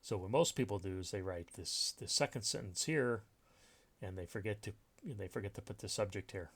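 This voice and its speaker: Low-voiced man teaching grammar, halting. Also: slightly rough. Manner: halting, many fillers and restarts. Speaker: writing instructor. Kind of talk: recorded grammar lesson.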